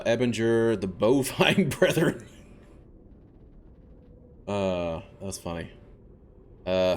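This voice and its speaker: A man's voice: fairly low pitch, a little hiss or hum. A man doing rambling, casual commentary on his game stream, chuckling often. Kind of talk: casual let's-play commentary.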